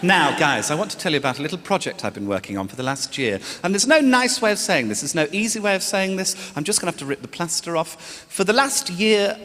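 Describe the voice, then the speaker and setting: A male stand-up comic with a high voice that leaps all over the place as he tells crude, camp stories. He was recorded on stage in a big hall, so long reverb trails after him. Clear crowd noise sits underneath. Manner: camp, crude, animated storytelling. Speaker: comedian. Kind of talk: stand-up comedy. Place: stage in a large venue. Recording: echoey hall with audience noise.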